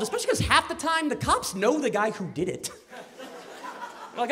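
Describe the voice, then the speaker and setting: A man's voice: very high-pitched, big pitch swings, measured pace, pauses often, pushed and bright. A man doing a brash, crude stand-up set on a club stage, chuckling at his own jokes. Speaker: stand-up comedian. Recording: noisy live club recording.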